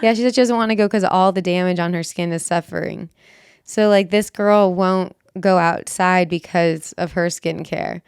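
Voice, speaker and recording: A woman with a very smooth, clear voice, recorded close and dry. She reads forum posts aloud and chats casually as a podcast co-host, laughing easily. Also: on the low side, fairly even intonation, normal speed, a little mellow, no echo. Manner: laughs easily, short backchannel replies.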